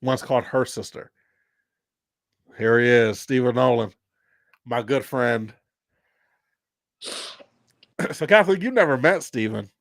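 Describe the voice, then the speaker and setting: A man's voice: medium pitch, slow, creaky, long pauses, fairly bright tone, no room sound, studio quality. A man hosting an unscripted livestream chat, rambling loosely and laughing often. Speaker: host.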